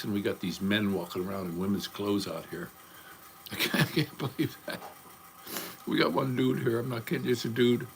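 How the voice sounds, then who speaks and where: Older man, very low voice, blunt and profane, rambling livestream chat, faint background hiss. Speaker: livestream host.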